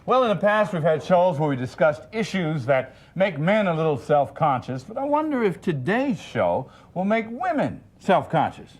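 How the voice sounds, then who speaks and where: A man hosting a talk show, trading lively banter with his co-host and introducing guests. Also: on the high side, moderate pace, hardly any pauses.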